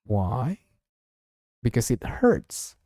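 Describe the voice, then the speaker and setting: A man reads a visual novel's text aloud for his stream, taking his time over each line. His pitch swings widely as he shifts between narration and the characters. The tone is soft and mellow, and the sound is close and dry. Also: no echo. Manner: slow, expressive reading, voicing several characters. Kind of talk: dramatic read-aloud of game text.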